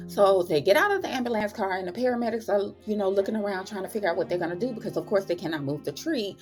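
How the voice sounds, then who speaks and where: A woman's voice: mid-range voice, fairly quick, darkish tone, faint music behind. A woman host casually recapping TV episodes, chatty and folksy, calling listeners "honey" and "child".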